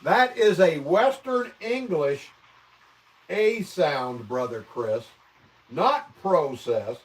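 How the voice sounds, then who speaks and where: Animated, high-voiced man from the Midwest. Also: takes it slowly. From American Midwest. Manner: exclamatory, mock-outraged and profane. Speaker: livestream host. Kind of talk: casual live chat reacting to viewer comments. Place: home, indoors. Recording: voice a bit distant from the mic.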